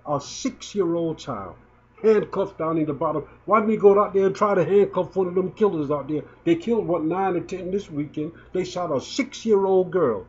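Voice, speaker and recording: In a dull lo-fi recording, a video blogger in his fifties speaks with indignant emotion, tripping over himself and repeating words. His voice sits high and a little mellow, at a moderate pace.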